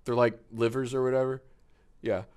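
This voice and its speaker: A man's voice: medium pitch, flat delivery, moderate pace, a little mellow, smooth. Give me a tipsy man in his thirties, rambling and cursing through a casual live stream. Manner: rambling, profane, joking. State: tipsy from wine. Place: home studio with green screen.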